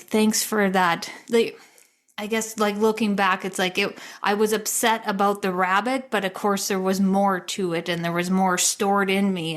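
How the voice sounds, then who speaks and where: A woman co-hosting a podcast, telling a personal story in a rambling, chatty way, full of "like" and quick laughs. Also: medium pitch. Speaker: podcast co-host. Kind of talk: casual storytelling chat.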